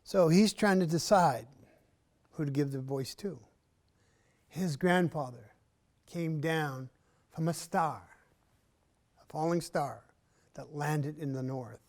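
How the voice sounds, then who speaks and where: A man performing a traditional story in an arts center, measured and unhurried, with long pauses and often dropping to a soft voice. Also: a little high.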